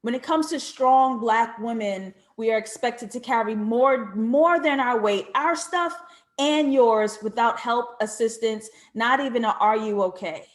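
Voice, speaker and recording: An American woman reviews a TV drama from her home setup, her voice sitting a little high. She moves between thoughtful questions and sudden playful outbursts. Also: unhurried. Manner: expressive, with sudden playful shrieks and asides; reflective and questioning. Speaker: TV show reviewer. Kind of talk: animated video review commentary.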